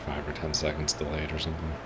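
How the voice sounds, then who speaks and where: A man's voice: a bass voice, monotone, quick pace, heavy background noise. A man streaming a naval game, musing aloud in casual commentary. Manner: laid-back, musing aloud.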